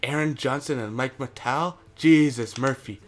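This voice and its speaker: A man's voice: medium pitch, normal speed, soft background music. A young man casually commentating a hockey management game, cheering and cursing at how it plays out. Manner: excitable, cheers and curses at the game. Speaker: gaming commentator.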